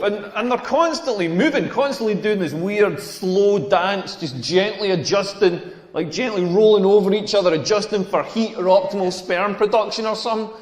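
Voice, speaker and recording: A Scottish man in his forties telling wry, self-mocking stand-up stories with quick put-on voices. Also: high-pitched. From Scotland. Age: 40s. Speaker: stand-up comedian. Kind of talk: stand-up comedy set. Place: comedy club stage, echoey room. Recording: echoey hall with long reverb.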